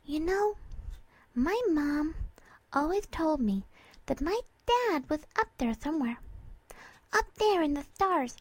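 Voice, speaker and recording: Storybook figure: woman voicing a teasing grey unicorn mare, high and sing-song. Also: lively intonation, slow, long pauses, no room sound. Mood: wistful.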